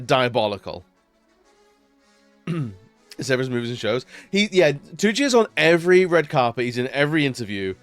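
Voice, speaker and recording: Male streamer, casual rambling chat, smooth clear voice, dry close mic, faint music behind. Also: on the high side, no echo. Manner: rambling, lots of fillers, laughs often.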